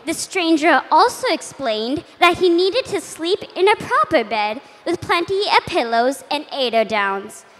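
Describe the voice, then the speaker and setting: A young woman narrating a school readers' theatre piece in a measured, sing-song way. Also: high voice, big pitch swings, a bit bright, long reverb tail. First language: Thai.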